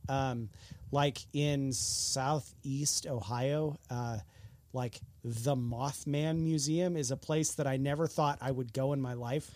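A man's voice: medium pitch, steady tone, takes it slowly, a little mellow, dry recording. A middle-aged man co-hosting a podcast, telling stories in a rambling casual chat full of fillers and restarts. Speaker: podcast co-host.

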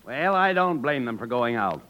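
A man playing the brisk, scolding straight man in a 1940s radio comedy. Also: mid-range voice, very animated. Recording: dull old radio broadcast with hiss.

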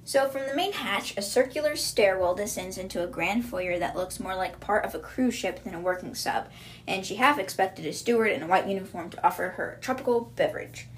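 A woman's voice: medium pitch, a little fast, slight background noise. A woman hosting a podcast, giving a casual recap of book chapters in a chatty retelling style, often stumbling over words and correcting herself. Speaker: podcast host.

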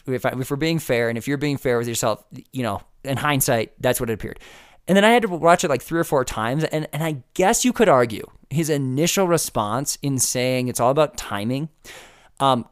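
A man's voice: medium pitch, clear, resonant tone, no room sound. Rambling male podcast host, dry sound. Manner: rambling, frequent restarts and "like"; wry, laughing asides. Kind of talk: casual solo commentary.

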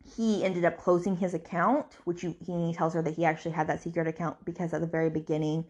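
Chatty woman with a lowish voice. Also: little pitch movement, fast talker, darkish tone, breathy edge. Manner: chatty, rambling, with many fillers and restarts. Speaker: podcast host. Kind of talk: casual book recap.

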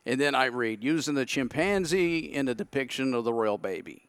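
A man's voice: mid-range voice, lively intonation, moderate pace, smooth, dry recording. A man telling a story in casual chat, acting out his own past thoughts. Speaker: podcast guest.

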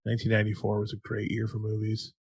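A man's voice: on the low side, completely flat delivery, quick pace, darkish tone, husky, no room sound, studio quality. A man hosting a casual podcast, telling rambling, self-mocking stories. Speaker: podcast host. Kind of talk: casual chat.

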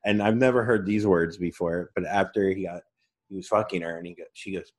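A man's voice: deep voice, fairly even intonation, brisk. A man hosting a casual comedic podcast chat, joking, laughing often and acting out quoted voices. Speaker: podcast host.

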